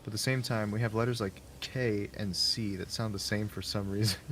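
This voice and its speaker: A man's voice: lowish voice, fairly even intonation, fairly quick, background noise. A man chatting casually on a live stream, swearing freely and laughing often. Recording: music playing loudly behind.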